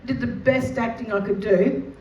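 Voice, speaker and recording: An animated Australian woman tells a personal story with lively, vivid delivery. She sounds a little far from the mic in a roomy space, with a faint hiss of noise underneath. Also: on the high side, moderate pace, muffled recording. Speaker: educator and mother.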